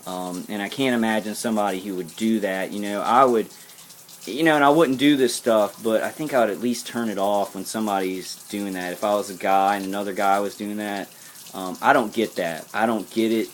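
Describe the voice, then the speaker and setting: A man's voice: fairly low pitch, steady tone, brisk, slight background noise. Intense rambling man giving a spiritual pep talk. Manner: rambling, repeats himself; earnest, intense. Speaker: vlogger.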